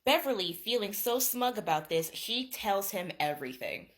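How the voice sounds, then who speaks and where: A booktuber in her twenties gives a gossipy, casual book recap, animated and at normal speed, her pitch swinging widely as she reacts. She swears freely, as if talking with a friend.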